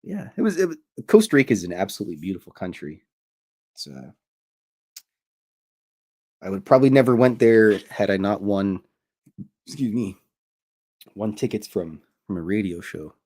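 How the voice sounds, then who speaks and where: A man's voice: fairly low pitch, very animated, normal speed, long pauses, mellow. A Canadian man who hosts a cartoon show, telling meandering, jokey stories and often interrupting himself. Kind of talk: rambling casual storytelling.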